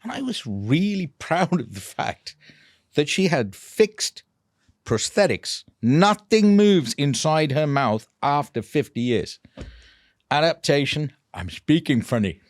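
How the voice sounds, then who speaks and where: A man, a dental implant clinician telling a patient story in a casual, animated way, laughing often. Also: a little high, slow, no echo, studio quality.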